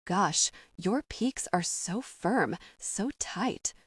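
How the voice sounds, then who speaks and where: A woman voicing an intense, commanding man in a romance audiobook, speaking slowly in a low murmur. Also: animated, husky, dry recording, clean studio sound, full character voice. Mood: intimate. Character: intense commanding man, a Navy SEAL lover.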